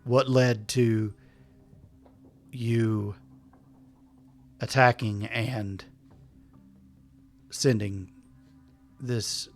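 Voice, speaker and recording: A man's voice: medium pitch, fairly even intonation, very slow, pauses often, soft background music. A man voicing a stern male judge in a tabletop game, formal and commanding.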